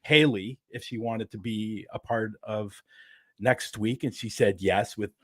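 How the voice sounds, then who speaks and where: A man's voice: fairly low pitch, fairly even intonation, measured pace, no echo. Chatty male podcast host, dry sound. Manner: laughing, loose and chatty, with restarts. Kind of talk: casual chat.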